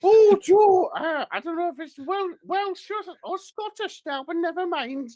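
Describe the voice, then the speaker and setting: A man doing a shrill prim scolding lady. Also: sing-song, measured pace, mellow, heavily acted. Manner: falsetto, fussy, chiding. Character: prim female nutrition TV presenter, scolding.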